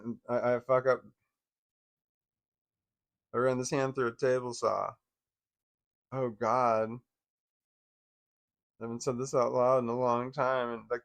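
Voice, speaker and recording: A man talking casually in a vlog, hesitant and full of restarts. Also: mid-range voice. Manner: hesitant, repeats words and restarts often; coos softly at his dog. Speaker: vlogger.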